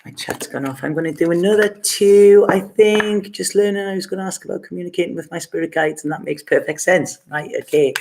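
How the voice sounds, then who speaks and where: A woman's voice: on the low side, brisk, hardly any pauses, darkish tone, a little hiss or hum. A woman giving a casual live-stream tarot reading, chatty and rambling, laughing often between thoughts. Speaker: tarot reader.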